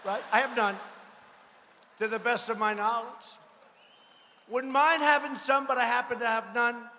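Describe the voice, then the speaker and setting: A man delivers a campaign rally speech in a bright, forceful voice pushed very high as he shouts to the crowd. He mocks his targets and repeats his phrases for effect. His voice rings with the long reverb of a large rally venue. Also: steady tone, a little slow. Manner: boastful, mocking, repetitive phrasing; frequent shouted lines to a crowd. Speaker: politician addressing a rally.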